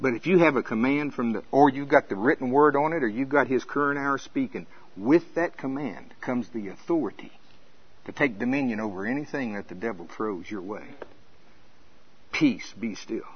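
A male preacher, preaching an animated sermon and laughing often. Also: mid-range voice, a little fast, husky, lo-fi sound.

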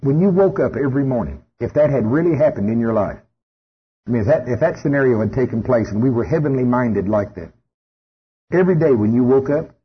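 A man's voice: medium pitch, slightly rough. A man preaching a sermon in a church, folksy and storytelling, with frequent rhetorical questions. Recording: dull lo-fi sermon tape.

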